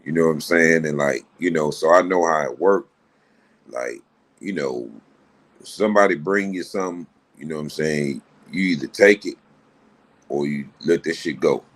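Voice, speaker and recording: A man's voice: very deep voice, moderate pace. A man from Memphis, chatting casually and reassuringly on a livestream. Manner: laid-back, reassuring, repeats "you know what I'm saying". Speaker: livestream guest. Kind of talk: casual chat.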